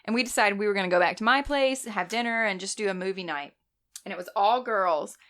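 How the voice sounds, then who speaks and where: A young woman, a nurse telling stories in casual chat, animated and often laughing. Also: medium pitch, brisk. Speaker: guest, nurse.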